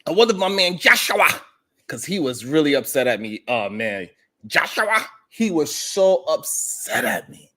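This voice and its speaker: High-voiced joking male stream host. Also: big pitch swings, measured pace, pushed and bright. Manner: joking, boastful, laughs often. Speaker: livestream show host. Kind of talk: casual livestream monologue.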